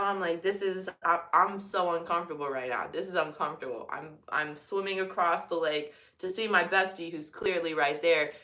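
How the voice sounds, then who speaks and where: Animated young woman telling a storytime. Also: mid-range voice. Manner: animated, swings from loud excited bursts to quiet mutters. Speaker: vlogger. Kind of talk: casual storytime monologue.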